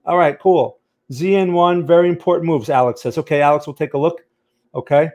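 A man's voice: on the high side, fairly quick, a little mellow. A man hosting a live stream, analysing charts and answering chat in a conversational way, often checking in with the viewers. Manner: conversational, keeps checking in with "okay?" and "right?". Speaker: trading channel host.

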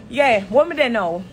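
Her voice high-pitched and fairly bright, a Jamaican-accented woman goes off in a blunt, heated live-stream rant, speaking into her phone in an airport corner. The dancehall artist is confrontational and swears freely.

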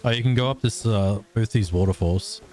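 A man's voice: fairly low pitch, fairly quick, a little mellow. Playful laughing male streamer. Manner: laughing, playful, talks in a pirate growl. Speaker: streamer in a roleplay game. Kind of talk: casual gaming chat.

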